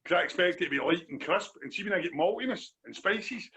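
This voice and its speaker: A man's voice: sits high, expressive, fast, bright, forceful tone, husky. A Glaswegian man co-hosting a casual beer review podcast, rambling and repeating himself. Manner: rambling, repeats phrases, says "do you know what I mean". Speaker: podcast co-host. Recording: dull lo-fi sound.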